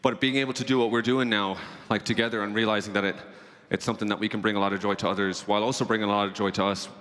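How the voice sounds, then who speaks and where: Young guy chatting fast on a big stage, bright and eager, lotta hall echo. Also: on the low side, steady tone. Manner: eager, laughing, counts out dance steps. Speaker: stage guest, Irish dancer. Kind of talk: casual onstage chat. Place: large convention hall stage. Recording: long hall reverb.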